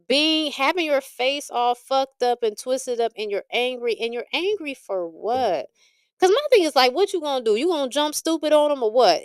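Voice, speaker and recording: A woman tarot reader and medium on a livestream, talking bluntly and profanely in an animated rant, laughing often. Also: high voice, no room sound, studio quality. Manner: frequent laughter.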